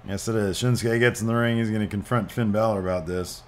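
A man hosting a gaming channel, giving excited play-by-play over a wrestling game with loud exclamations and quiet mutters. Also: on the low side, fast talker, slight background noise.

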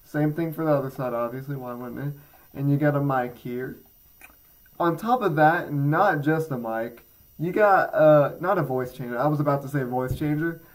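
A man's voice: a little high, moderate pace, rough recording. A teenage boy rambling casually through a headphone review for his channel, with many fillers and self-mocking jokes. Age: teens. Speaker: gaming channel creator. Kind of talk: casual product review vlog.

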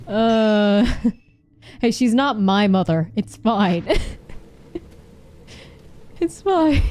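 A woman's voice: fairly high pitch, animated, slow, long pauses, darkish tone. A woman in her twenties giving let's-play commentary on a horror game, swearing, laughing and snapping at the game. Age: 20s. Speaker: gaming streamer.

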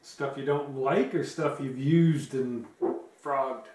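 A man's voice: mid-range voice, slow, a little mellow. A man joining his partner's crochet video, answering in short, dry replies. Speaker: host's partner, co-guest. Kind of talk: casual chat. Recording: roomy, distant mic.

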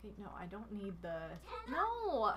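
Young woman, streamer, lively swooping pitch, higher voice, casual chat, faint game music behind. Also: moderate pace. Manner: animated, exclaiming and teasing. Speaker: streamer playing a party card game with her partner.

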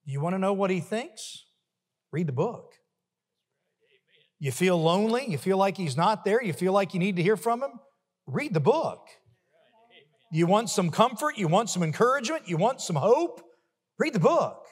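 High-voiced male pastor preaching emphatically. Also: expressive, moderate pace, big-room sound. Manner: emphatic, rising to forceful peaks with repeated refrains. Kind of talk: sermon. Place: church sanctuary.

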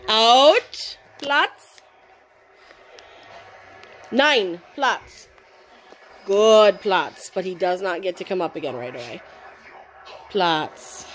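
A woman's voice: lowish voice, lively intonation, extremely slow, long pauses, fairly bright tone. A woman dog trainer at home, talking to her dogs with sing-song praise and short commands. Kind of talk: talking to dogs during play.

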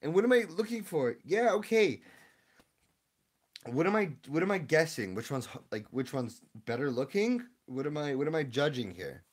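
A man's voice: a little high, big pitch swings, moderate pace, breathy edge. A young man live-streaming, reading his chat and opening card packs, confused and laughing, often repeating himself.

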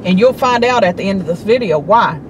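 A woman's voice: mid-range voice, animated. Chatty middle-aged woman, noisy outdoors. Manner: chatty, indignant, drawn-out telling. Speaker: vlogger. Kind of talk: casual storytelling.

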